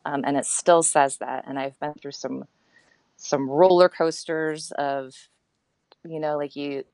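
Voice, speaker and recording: A woman in her thirties with a low voice talks candidly as an interview guest, often stopping and restarting her sentences. The recording is dry and close. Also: fairly even intonation, measured pace, a little mellow, no echo, poor audio. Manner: reflective and candid, with frequent fillers and restarts. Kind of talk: casual interview chat.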